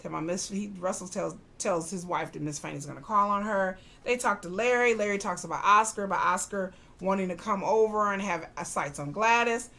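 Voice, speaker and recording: A woman, casually recapping a TV drama, chatty and animated, acting out the characters' lines with slang asides. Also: medium pitch, brisk, few pauses. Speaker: podcast host recapping a TV drama.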